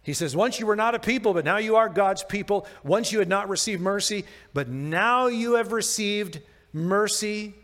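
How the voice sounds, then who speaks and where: A man's voice: sits high, normal speed, fairly bright tone, big-room sound. A man preaching a sermon, talking conversationally with rhetorical questions and self-deprecating asides. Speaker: pastor.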